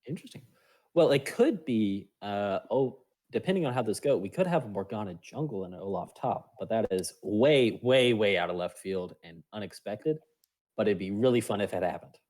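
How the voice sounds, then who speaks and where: A man with a fairly low voice calls an esports draft in a relaxed, offhand way. He keeps it light, slipping jokey asides between his reads of the game. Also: moderate pace. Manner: playful, jokey quips. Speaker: esports caster. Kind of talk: casual esports commentary.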